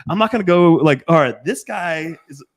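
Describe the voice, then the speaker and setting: A man's voice: a little high, lively intonation, moderate pace. A middle-aged man, a dating coach, talking in a blunt, profane casual chat and acting out the people he quotes.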